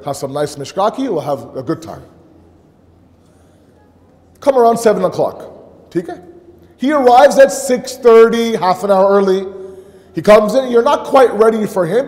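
A man's voice: high voice, darkish tone. A man giving a sermon at a mosque, telling a story and acting out the dialogue, with rhetorical questions for the congregation. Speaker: preacher. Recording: long hall reverb.

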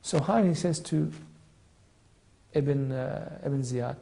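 A man's voice: medium pitch, slow, vocal fry, long pauses, dark tone. A man narrating a historical story in a conversational way.

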